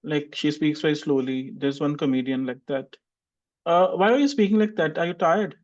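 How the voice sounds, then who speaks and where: A man's voice: fairly high pitch, moderate pace, darkish tone, highs cut off. A man teaching an online English exam class and giving chatty, teasing feedback to students. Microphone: video call.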